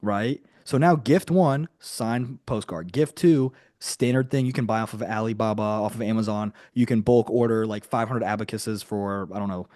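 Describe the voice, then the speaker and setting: A man running a live online coaching lesson for business owners, talking in an energetic, chatty way with many asides. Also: fairly low pitch, moderate pace, hardly any pauses, dry recording, studio quality.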